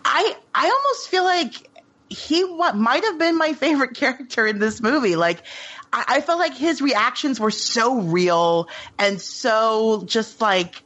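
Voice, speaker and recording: Woman podcast guest, chatty, lively pitch, slightly muffled audio. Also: a little slow. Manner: chatty, many fillers and restarts. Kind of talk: casual movie discussion. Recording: slightly dull lo-fi sound.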